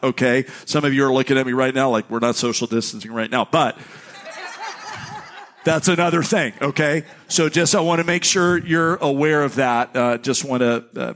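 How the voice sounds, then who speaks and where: Energetic pastor preaching to his congregation. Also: fairly high pitch. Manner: energetic, conversational, jokey asides. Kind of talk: sermon with church announcements. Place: church sanctuary with congregation.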